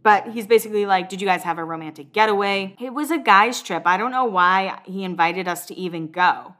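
Young woman, podcast host, casual chatty recap, curses freely, mid pitch. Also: fairly quick, pushed and bright. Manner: chatty, swears casually, acts out quotes. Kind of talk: casual chat.

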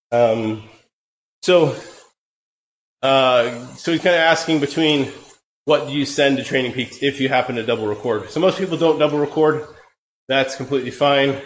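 A man with a cold, hosting a live cycling-training Q&A in a relaxed, rambling way with many fillers. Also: medium pitch. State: hoarse from a cold. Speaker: podcast host. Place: home room, riding an indoor trainer. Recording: echoey room with faint ambient noise.

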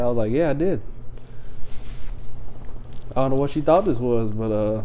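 A young man telling a wild story in casual podcast chat, profane and animated, breaking into laughs. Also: medium pitch, brisk, long pauses, slight background noise.

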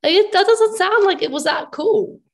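A woman's voice: very high voice, moderate pace. A young woman from Australia, a guest on a podcast, talking casually and hesitantly with frequent laughs. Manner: hesitant, laughs often, uses fillers like "like". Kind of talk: casual conversation.

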